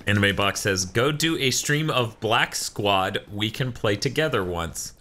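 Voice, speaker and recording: A man's voice: on the low side, animated, unhurried, sharp tone. A man co-hosting a casual gaming stream, reading viewer messages aloud and adding joking asides. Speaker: stream co-host reading chat.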